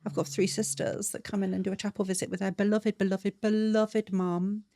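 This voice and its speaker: Gravelly English woman telling a story. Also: mid-range voice, brisk. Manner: animated anecdote teller, acts out quotes. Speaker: guest, celebrant. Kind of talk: casual podcast storytelling.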